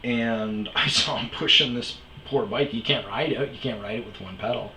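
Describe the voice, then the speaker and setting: A man's voice: mid-range voice, moderate pace, pushed and bright, echoey room, a little hiss or hum, rough recording. A man hosting a comedy podcast, telling rambling, profane anecdotes. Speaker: host, storyteller.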